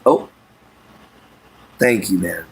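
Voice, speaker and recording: A middle-aged man from Southeast Texas, chatting casually and haltingly with his livestream viewers by name, with lots of fillers. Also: sits low, gravelly, breathy edge. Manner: unhurried, halting, many fillers, talks to chat by name. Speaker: livestream host.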